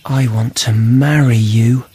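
A man's voice: medium pitch, fairly even intonation, a little slow, mellow, husky, pitched above the performer's own voice. A man voicing Ferdinand, an earnest, lovestruck young prince, for a storybook reading. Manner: earnest, emotive.

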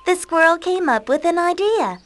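A woman narrating a children's storybook with a slow, clear, expressive delivery. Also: extremely high pitch.

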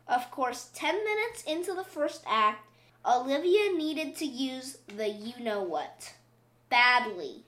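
A woman reading a picture book aloud in an expressive, playful way. Her voice is high and bright and swings widely in pitch. It rings in a roomy, echoing space. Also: slow pace. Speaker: storybook reader. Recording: roomy echo.

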